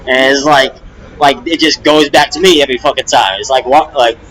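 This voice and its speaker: A man's voice: mid-range voice, fairly quick, a bit bright, low-quality recording. A young man, a rapper, venting on a casual live stream, rambling and agitated, full of restarts and swearing.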